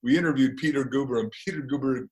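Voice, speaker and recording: A man's voice: mid-range voice, quick pace, a little mellow, poor audio. A man chatting as a guest author, telling stories in a jokey, rambling way. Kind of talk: casual interview chat.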